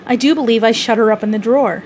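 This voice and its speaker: Storybook boy who won't grow up: passionate, cocky, lightly high-pitched, read by a woman. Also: fast talker, darkish tone, a little hiss or hum, close to an everyday voice. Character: eager boastful boy who never grows up.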